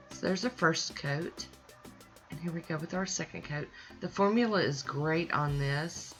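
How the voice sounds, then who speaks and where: Low-voiced woman hosting nail polish videos. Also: a little slow, fairly bright tone, faint music behind. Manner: chatty, easygoing, gushing over polish. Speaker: nail polish channel host. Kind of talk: casual voice-over tutorial.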